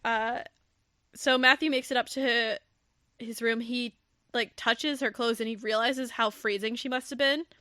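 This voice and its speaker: A woman's voice: fairly high pitch, a little slow, no echo, clean studio sound. A woman hosting a podcast, casually recapping a novel and acting out the characters' lines with laughter and swearing. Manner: animated storytelling, acts out quotes, swears and laughs. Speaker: podcast host. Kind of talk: casual book recap chat.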